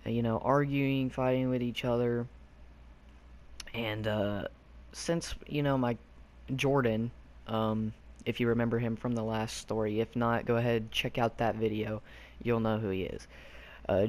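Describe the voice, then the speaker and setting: A man's voice: medium pitch, darkish tone. Rambling young man telling a story. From Arkansas. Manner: rambling, full of fillers, loose slang. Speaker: YouTube storyteller. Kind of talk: casual storytelling.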